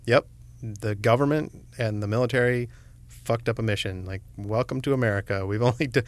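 A man with a medium-pitched voice co-hosts a casual podcast chat. He offers opinions in a dry, wry way. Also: a little fast, no room sound. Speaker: podcast co-host.

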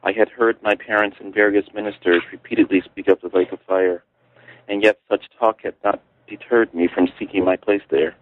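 A Chicago-born man reads from his own memoir, calm and measured. His voice is deep. It comes through a thin, phone-like radio feed. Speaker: author reading his memoir. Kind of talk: reading aloud from a memoir. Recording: tinny phone-line radio audio.

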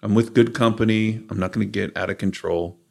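A man's voice: on the low side, a little fast, creaky. A middle-aged man, a rock guitarist as guest, telling his story candidly in a studio, livening up when he acts out his own past words. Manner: candid, animated in quoted asides. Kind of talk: casual storytelling.

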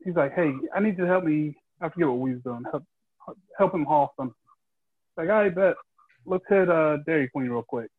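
A man's voice: a little high, a little fast, slightly rough, no room sound. A man telling a rambling, easygoing story in casual chat, with lots of fillers. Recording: dry, dull close mic.

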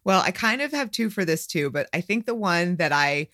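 A woman's voice: on the low side, animated, moderate pace, fairly bright tone, dry recording, clean studio sound. A woman co-hosting a casual movie chat, talking eagerly and giggling often. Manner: enthusiastic, giggly. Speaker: co-host.

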